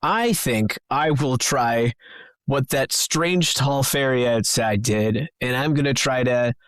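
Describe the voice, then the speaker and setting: A man's voice: medium pitch, slow pace, a bit bright, no echo, clean studio sound. A man playing in a tabletop game, casually talking through his character's plans. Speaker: player. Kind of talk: casual tabletop role-play.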